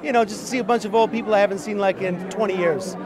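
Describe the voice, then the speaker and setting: Rambling high-voiced man in crowd. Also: fast, low-quality recording. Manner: rambling, relaxed, many fillers. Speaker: interviewee, musician. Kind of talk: casual interview. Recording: crowd noise behind.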